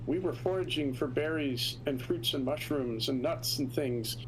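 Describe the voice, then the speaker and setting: A man's voice: a little high, normal speed, background noise, close to an everyday voice. A man voicing a polite, apologetic young village girl in a tabletop game, speaking formally.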